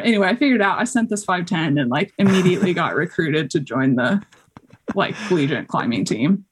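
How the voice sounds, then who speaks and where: A young woman from Colorado, a podcast guest telling stories in a chatty way, full of fillers and quick acted-out quotes. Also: on the low side, lively intonation, breathy edge. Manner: chatty, many fillers, acts out quoted voices. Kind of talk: casual interview chat.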